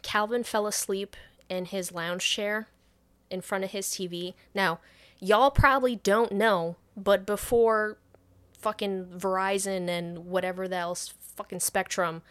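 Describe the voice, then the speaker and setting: A woman's voice: mid-range voice, measured pace. Woman co-host, casual film recap, swears a lot, acts out quoted lines. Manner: profane, animated recap with quoted voices. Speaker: podcast co-host retelling a film. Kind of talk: casual chat.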